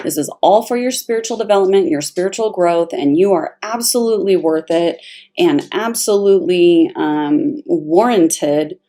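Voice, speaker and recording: A woman giving a casual, expressive tarot reading, talking straight to the viewer with emphatic asides. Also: fairly low pitch, moderate pace. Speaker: tarot reader.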